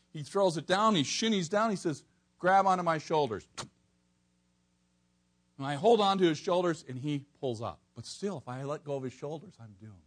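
A man delivers an expository sermon to a congregation in a fairly high voice. He is animated, moving between soft asides and emphasis that is close to shouting.

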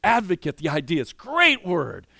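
A man preaching a sermon, animated and conversational, moving between loud emphasis and quiet asides. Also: high voice, moderate pace, gravelly, no echo, studio quality. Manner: conversational, many "you know" fillers.

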